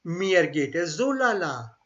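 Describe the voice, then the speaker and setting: High-voiced man teaching slowly. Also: sing-song. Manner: slow repeated model phrases, mixes English and Hindi. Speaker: German language teacher. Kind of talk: online language lesson. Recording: dull lo-fi online class audio.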